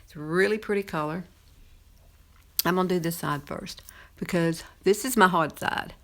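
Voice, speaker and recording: A woman's voice: lowish voice, normal speed, a bit bright. A woman in her fifties with a Southern American accent, chatting casually through a makeup tutorial and laughing often as she works. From Southern United States. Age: 50s. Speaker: makeup presenter.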